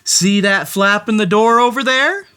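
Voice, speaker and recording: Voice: medium pitch, measured pace, sharp tone, clean tone. A storybook read-aloud host narrating a children's story with playful, theatrical flair and speaking directly to the story's cat.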